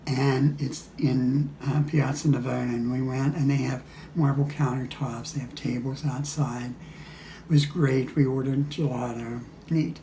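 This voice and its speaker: A man's voice: mid-range voice, steady tone, a little slow, mellow, a little hiss or hum. An older man casually recounting travel memories, rambling with frequent restarts and chuckles. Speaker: storyteller. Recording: echoey room.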